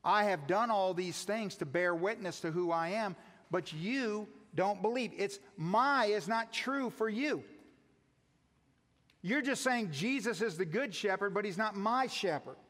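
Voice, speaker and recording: A man, a pastor, preaching a sermon, putting many questions to his listeners and moving between raised emphasis and soft asides. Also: sits high, animated, measured pace. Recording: long reverb of a large hall.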